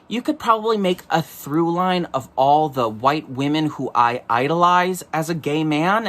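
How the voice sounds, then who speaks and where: A man hosting a casual solo monologue. He is campy and swears freely, and sometimes breaks into shrill mock voices. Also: a bit bright. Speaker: podcast host.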